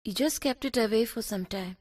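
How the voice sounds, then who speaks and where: A woman's voice: on the high side, fairly quick, darkish tone, no echo, studio quality, close to an everyday voice. An actress playing an affectionate young wife who coaxes and teases her husband in dubbed film dialogue. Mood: tender. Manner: tender, coaxing.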